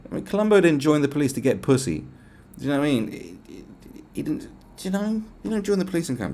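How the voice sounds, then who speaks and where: A man's voice: a little high, sing-song, fast talker, hardly any pauses, dark tone. A man with a British accent hosting a podcast, ranting in a casual, profane, sarcastic way. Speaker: podcast host.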